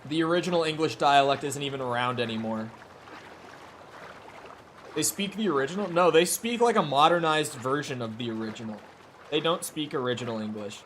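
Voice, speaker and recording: Rambling male streamer, slightly high voice. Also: fairly bright tone, a little hiss or hum. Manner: rambling, joking, laughs often. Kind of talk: casual chat with viewers while gaming. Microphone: headset or desk mic, wears headphones.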